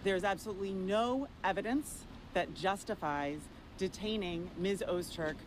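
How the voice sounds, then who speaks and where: A woman lawyer giving a press statement in a firm, measured, formal manner. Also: mid-range voice, noisy background.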